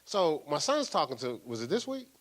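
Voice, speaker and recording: Older man, a pastor with a sermon voice that swings widely and rings bright, playful and animated. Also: on the high side, moderate pace. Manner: lively, playful preaching with laughter and acted-out asides.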